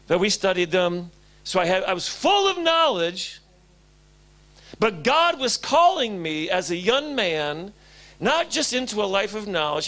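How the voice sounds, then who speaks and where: Male pastor, sermon storytelling: high, gravelly, very lively pitch. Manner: animated storytelling, swinging between loud and hushed. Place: church.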